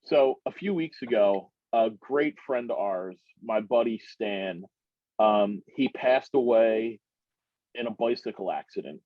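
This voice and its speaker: A middle-aged man on a podcast, telling a long, rambling personal story that climbs much higher in pitch as he gets worked up. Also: measured pace, no echo. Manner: rambling, animated storyteller who climbs high when excited. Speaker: podcast guest. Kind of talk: casual storytelling. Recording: muffled, dry recording.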